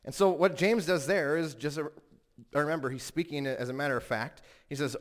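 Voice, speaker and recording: A man's voice: a little high, fairly quick. A man preaching a sermon in an earnest way, rising to emphatic peaks and telling stories with quoted voices.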